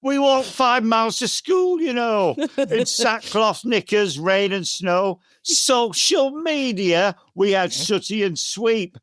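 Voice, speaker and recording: A man's voice: high-pitched, animated, takes it slowly, few pauses, a bit bright, dry recording, studio quality, full character voice. A man voicing a nostalgic old northern English man in a Northern English accent, reciting comic verse in a sing-song way.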